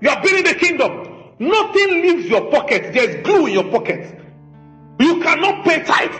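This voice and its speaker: Guy preaching a sermon, really high bright voice, swings up and down a lot, emphatic and scolding, echoey room. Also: very animated, normal speed. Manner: emphatic, rhetorical, scolding the congregation. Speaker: pastor. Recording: echoey room with faint music.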